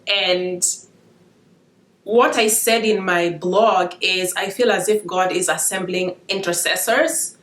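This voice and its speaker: A woman giving an informal devotional talk, speaking emotionally and haltingly as she holds back tears. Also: fairly low pitch, a bit bright, reverberant. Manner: emotional, halting, with restarts and asides. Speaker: Christian video blogger sharing dreams.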